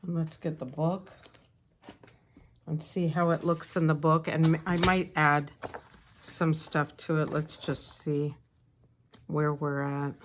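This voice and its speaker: A woman with a lowish voice chats at an unhurried pace as she decorates her planner, drifting into a long story with soft asides. Faint paper crinkling and sticker sounds sit behind her. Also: level tone, slight background noise. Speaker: planner vlogger. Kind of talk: casual voice-over while decorating a planner.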